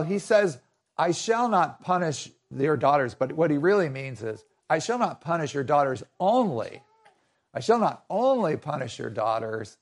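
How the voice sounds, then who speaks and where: Gravelly-voiced man preaching a sermon. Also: medium pitch, darkish tone. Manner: conversational, restarts and repeats phrases.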